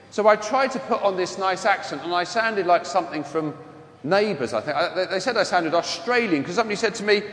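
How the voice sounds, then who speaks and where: A man's voice: high-pitched, animated, brisk, a bit bright. A man with a mild London accent, a Catholic priest giving a homily full of humorous, self-deprecating stories from his own life. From London, England. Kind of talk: homily with personal storytelling. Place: church. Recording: echoey church with long reverb.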